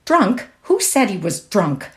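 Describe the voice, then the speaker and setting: A woman's voice: medium pitch, lively intonation, moderate pace, darkish tone, pitched above the performer's own voice, lightly acted. A woman reading the lines of an upset, tender-hearted young woman in a short story, in a pleading, breathless manner.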